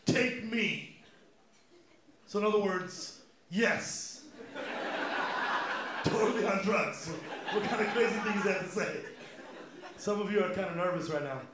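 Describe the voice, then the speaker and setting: A man's voice: sits high, a little slow, long pauses, heavy background noise. An American man performing a live stand-up comedy set on a club stage, with a sarcastic, mock-serious delivery and punchy asides. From United States. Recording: echoey club room with loud audience.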